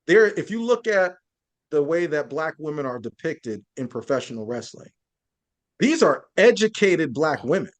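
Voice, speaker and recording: A man's voice: fairly high pitch, fairly bright tone. A man speaking as a journalist guest in a podcast interview, earnest and building his points through lists and frequent restarts.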